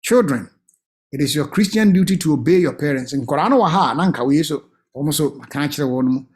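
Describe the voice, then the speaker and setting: A man's voice: fairly high pitch, quick pace. A man with a Ghanaian accent, giving an earnest and emphatic family life talk at church.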